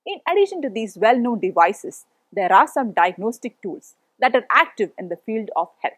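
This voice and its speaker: A woman's voice: on the high side, dry recording. Indian-accented woman reading a lesson. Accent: Indian English. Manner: reads a prepared lesson, asks the class questions. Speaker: teacher. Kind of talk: read-aloud lesson.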